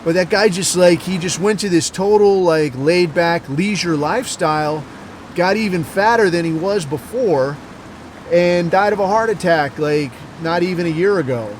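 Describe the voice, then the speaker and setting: Brief: profane male podcast host, rambling storyteller, slightly high voice, faint traffic outside. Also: normal speed. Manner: crude, rambling, heavy swearing, deadpan asides. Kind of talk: profane casual storytelling monologue.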